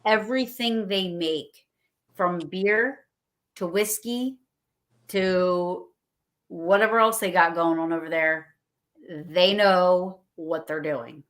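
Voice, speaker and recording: Woman, lower-pitched, casual livestream guest; excitable, rambling storyteller who acts out quotes. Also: slow.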